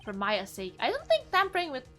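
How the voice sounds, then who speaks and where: A woman streamer reading game dialogue aloud, expressive and animated, with casual asides. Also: high-pitched, brisk, soft background music.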